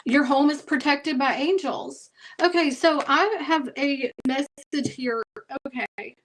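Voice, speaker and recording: A woman's voice: high voice, slow, a little hiss or hum, low-quality recording. A woman doing a tarot reading for her viewers, chatty and emphatic, often checking in with "okay" and "y'all". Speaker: tarot reader.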